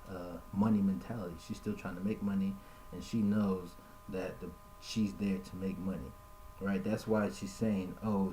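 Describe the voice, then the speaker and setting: A man with a low, dark, mellow voice gives casual live-stream commentary, reading messages aloud and raising his pitch for the quoted lines. A faint hum sits under the recording from his home setup. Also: low-quality recording. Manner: conversational, reads quotes aloud in a higher voice.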